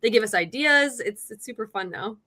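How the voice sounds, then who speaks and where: A woman's voice: a little high, expressive, normal speed, sharp tone. A young adult woman, a guest teacher on a podcast, upbeat and chatty, saying "like" a lot. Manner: upbeat, heavy use of "like". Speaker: guest, middle school teacher. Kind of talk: casual podcast interview.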